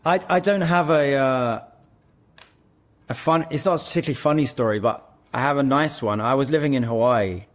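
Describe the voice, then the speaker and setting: A man's voice: medium pitch, fairly quick. A man speaking as a guest, co-founder of an audition platform, in a casual podcast conversation, explaining at length and telling earnest stories. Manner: earnest storyteller, talks in long run-on explanations.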